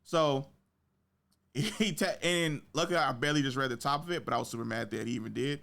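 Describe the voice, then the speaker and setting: A podcast host tells stories in casual, slangy chat full of swearing, acting out quotes with big jumps in pitch. His storytelling is animated, and his voice is fairly quick and creaky.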